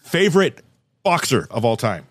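A man hosting a podcast in a casual chat, firing off quick questions in an upbeat way. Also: medium pitch, very animated, no room sound. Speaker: podcast host.

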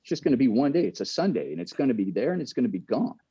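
Een earnest man with a dark, husky voice. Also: medium pitch, sing-song, very fast, dry recording, lo-fi sound. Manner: earnest, repeats and restarts phrases. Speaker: former pro baseball player as guest. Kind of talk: candid storytelling.

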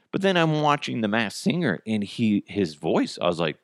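A low-voiced man chatting on his comedy podcast. His pitch swings up and down in lively bursts as he rambles from one aside to the next. The sound is close and dry. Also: dry recording. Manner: rambling, animated storytelling with quick asides. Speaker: podcast host. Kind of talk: casual comedic chat.

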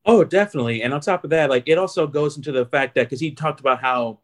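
A man's voice: a little high, fast talker. Easygoing male podcast co-host. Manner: relaxed, agreeable, storytelling. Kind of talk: casual chat.

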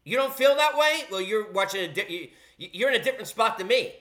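A man's voice: high-pitched, animated, a little fast, fairly bright tone. A man hosting a sports talk show, ranting in a heated, sarcastic way full of rhetorical questions. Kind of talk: animated sports commentary rant.

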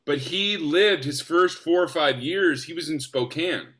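A young man from the United States, an actor guest, telling stories in an enthusiastic, animated way. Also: a little high, unhurried. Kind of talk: casual storytelling.

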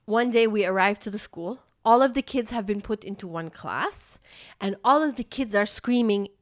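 A woman telling a story in casual chat, animated, laughing often and saying "like" a lot. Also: medium pitch, normal speed, no room sound, clean studio sound.

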